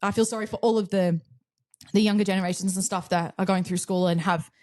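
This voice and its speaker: Her voice sits at medium pitch with a darkish tone, and she speaks quickly with fairly even intonation. She's an Australian woman in her twenties co-hosting a casual podcast, swearing, speaking bluntly and laughing often.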